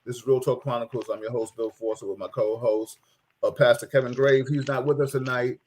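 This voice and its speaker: A man's voice: mid-range voice, steady tone, fairly quick, a little mellow. A middle-aged man hosting a casual talk show, telling stories animatedly, laughing and mimicking people. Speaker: host.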